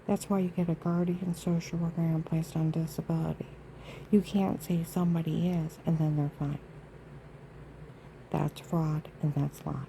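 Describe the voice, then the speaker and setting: A woman rambles through an indignant, aggrieved monologue for her vlog, emphatic and full of asides. Her voice sits low and dark, with a gravelly rasp, and a faint hiss runs underneath. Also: level tone, moderate pace, low-quality recording. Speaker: vlogger.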